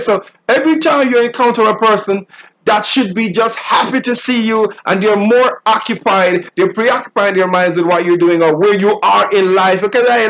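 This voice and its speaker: A man hosting a solo talk show, giving an animated, preachy monologue and mimicking people in high squeals. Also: low-quality recording. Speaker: show host.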